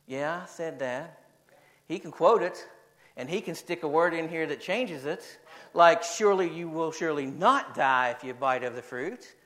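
A man preaching to his church, moving between shouted high points and quiet, joking asides. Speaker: pastor. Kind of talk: sermon.

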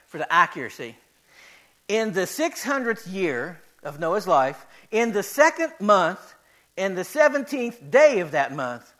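Man preaching, high and bright, builds to loud repeated lines. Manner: rising to loud emphatic repetition. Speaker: pastor. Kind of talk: sermon.

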